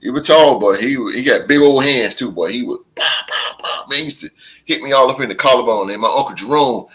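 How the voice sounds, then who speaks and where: Bright-voiced man telling lively stories. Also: medium pitch, low-quality recording. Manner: animated storytelling, drawn-out laughs. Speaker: podcast host. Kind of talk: casual chat.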